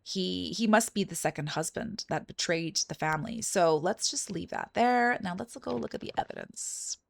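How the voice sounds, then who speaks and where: A woman's voice: on the low side, moderate pace, gravelly. A woman hosting a game walkthrough, chatting casually and thinking aloud as she plays. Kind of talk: casual gameplay commentary.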